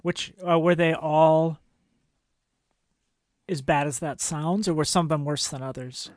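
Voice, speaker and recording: A male podcast host who fires off questions and crude jokes, with a steady stream of murmured acknowledgments. His voice sits somewhat high, and the recording is close and dry. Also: no echo. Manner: joking, quick questions, frequent murmured backchannels. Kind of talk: casual interview.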